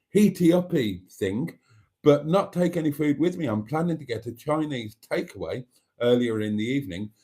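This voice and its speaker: Brummie bloke from wales chatting away on a livestream, keeps clearing his throat, jokey. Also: mid-range voice, dark tone. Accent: Birmingham. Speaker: livestream host. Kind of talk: casual livestream chat reading viewer comments.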